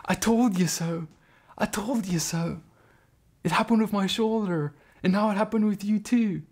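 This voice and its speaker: A man voicing an excited young man who is amazed and eager to share what he saw. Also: sits high, measured pace, pitched above the performer's own voice.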